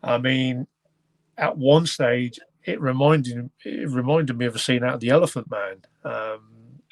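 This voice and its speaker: A man's voice: mid-range voice, unhurried, gravelly, no echo. Male podcast host, mid-range voice, dry sound, rambling hesitant delivery. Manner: rambling, hesitant, stops to search for words. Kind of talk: casual film review chat.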